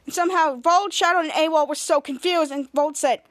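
A woman hosting a podcast, retelling a TV episode in a rambling way with many halting restarts, and acting out the characters' lines in animated voices. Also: high-pitched. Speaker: podcast host. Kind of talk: casual episode recap.

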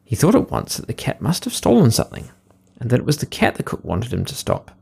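A man reading a children's story aloud in a lively, expressive way. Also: medium pitch, brisk, creaky, breathy edge.

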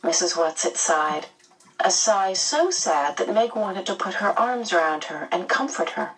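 A woman narrating a storybook chapter aloud in a measured, gentle way. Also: low-pitched, far from the mic, rough recording. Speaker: audiobook narrator.

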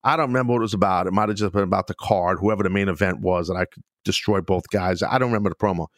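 A middle-aged man hosting a podcast, telling wrestling stories in a loose, profane, animated way, laughing often. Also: low-pitched, very fast, dry recording, studio quality. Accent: New York. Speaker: podcast host, former wrestler. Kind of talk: casual storytelling chat.

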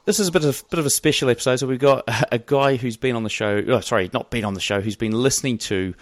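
A man's voice: medium pitch, fast, no echo, studio quality. Chatty man with a mild Kiwi accent. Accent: mild New Zealand. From New Zealand. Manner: chatty, rambling with many fillers and restarts. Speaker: podcast host. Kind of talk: casual podcast interview.

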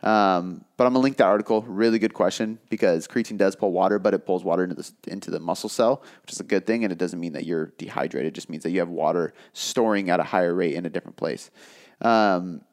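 A man's voice: low voice, fast, a little mellow. A man in his thirties hosting a podcast alone, talking casually and rambling, with many fillers and restarts. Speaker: podcast host. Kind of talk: casual solo podcast talk.

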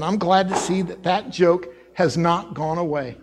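A man with a Midwest accent preaching a sermon in a church, telling the story with lively acted-out voices and accents. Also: sits high, measured pace, a little hiss or hum. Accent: American Midwest. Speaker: pastor. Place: church sanctuary.

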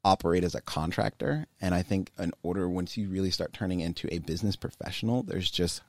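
A man's voice: low-pitched, quick pace, no echo. A young adult man, a climbing business owner, talking candidly and rambling with many fillers in a casual interview.

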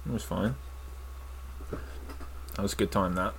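A man's voice: low voice, steady tone, slow pace, gravelly, slight background noise. A young British man chatting casually on a podcast, swearing freely and laughing through his own stories. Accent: British English. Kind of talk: casual chat.

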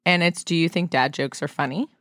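A woman hosting a podcast in casual chat, chatty and quick to tell stories and jokes. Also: deep voice, fairly bright tone, dry recording, clean studio sound. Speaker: podcast host.

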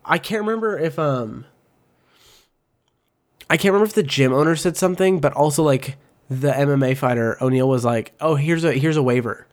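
A man hosting a casual talk show, rambling and animated, with lots of fillers and swearing. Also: a little high, a little fast, pauses often. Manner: mimics other people's voices in quotes. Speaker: host. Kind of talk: casual commentary.

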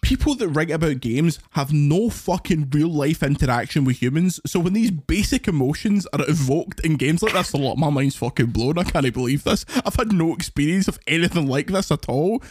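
A man's voice: a little high, moderate pace, hardly any pauses, slightly rough. A man co-hosting a podcast, ranting and joking in heavily sweary casual chat. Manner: sweary, animated, jokey rants. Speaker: podcast co-host.

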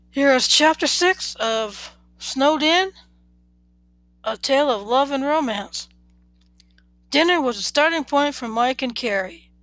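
This is a podcast host reading a romance story aloud at an unhurried pace. The pitch sits in the middle of the range, and the recording is dry and close with no room sound. Small slips come through now and then in the plain, even read. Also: no room sound, poor audio.

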